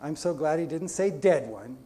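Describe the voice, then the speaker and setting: Pentecostal pastor, male, high-pitched voice, energetic sermon delivery with restarts. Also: normal speed.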